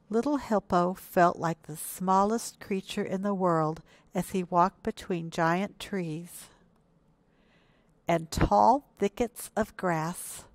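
A woman librarian reading picture books aloud for a children's storytime, speaking gently and expressively and asking the children questions. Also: lowish voice, slow, no room sound. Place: indoors, recorded for video.

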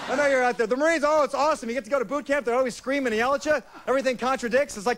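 A man from Florida doing a stand-up comedy set in a hyper, loud, pumped-up manner. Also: very high voice, rapid-fire. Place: TV studio stage. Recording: TV studio with audience laughter, VHS tape hiss.

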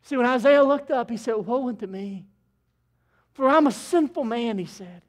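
A man pastor preaching an impassioned sermon in a church sanctuary, swinging from loud to quiet. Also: very high-pitched, moderate pace.

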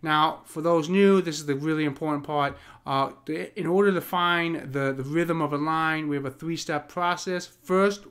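A man teaching poetic meter in an unscripted explainer, pausing with many ums and restarts as he works through ideas. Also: fairly high pitch, fairly bright tone, clear, resonant tone. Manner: taps out rhythms aloud as da-dum. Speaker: poetry teacher.

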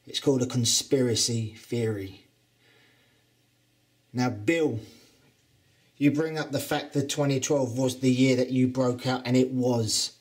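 A man's voice: medium pitch, steady tone, a little slow, pauses often. A man with a Cockney London accent giving a taunting, boastful wrestling promo as a trainer, swearing freely. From England.

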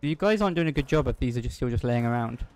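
A man's voice: medium pitch, lively intonation, very fast, darkish tone. A man hosting a casual let's-play, thinking aloud and swearing while he plays. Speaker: gameplay host.

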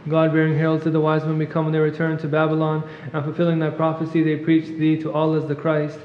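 A man reading a long liturgical hymn in rapid chant at a monastery service, clearing his throat now and then. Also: fairly high pitch. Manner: fast monotone recitation, clears throat at times. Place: church. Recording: echoey church, long reverb, muffled.

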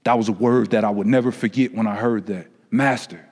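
A man voicing an ancient carpet that recalls the centuries it has witnessed, speaking slowly and solemnly with dramatic pauses. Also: lowish voice, darkish tone. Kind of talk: dramatic spoken-word monologue. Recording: long reverberant room echo.

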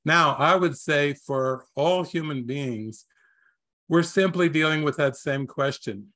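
A man giving a gentle spiritual teaching talk, unhurried and wondering, who chuckles often between phrases. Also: on the high side.

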